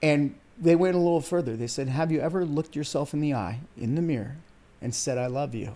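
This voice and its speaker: Warm and brisk, with a fairly high pitch, the voice belongs to a man in his thirties from Iran who works as a weight loss coach. Guesting on a podcast, he shares his life story casually and from the heart, calling the host "man" and "dude," at times on the edge of tears.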